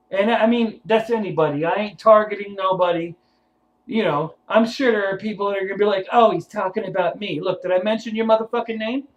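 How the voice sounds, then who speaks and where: High-voiced profane New man ranting. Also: poor audio. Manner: profane, confrontational, preachy. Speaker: vlogger. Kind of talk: blunt motivational rant to camera.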